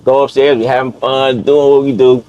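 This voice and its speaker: A man from Las Vegas hosting a podcast, telling stories in a blunt, slangy, animated way over a close mic. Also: medium pitch, moderate pace, muffled recording. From Las Vegas, USA. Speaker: podcast host. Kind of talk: casual interview chat.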